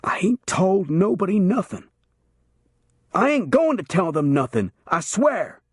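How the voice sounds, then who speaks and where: A man voicing a frightened male outlaw prisoner who whines and begs, his voice breaking high. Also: wildly swooping pitch, a little fast, darkish tone, husky, no echo, clean studio sound, heavily acted. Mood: pleading. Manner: whiny, pleading, voice cracking high.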